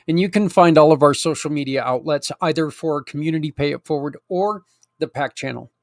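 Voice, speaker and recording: A man's voice: fairly high pitch, moderate pace. A man hosting a community show, making a heartfelt, plain-spoken appeal and sounding close to tears. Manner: earnest, emotional, plain-spoken pleading. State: near tears. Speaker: host and nonprofit founder.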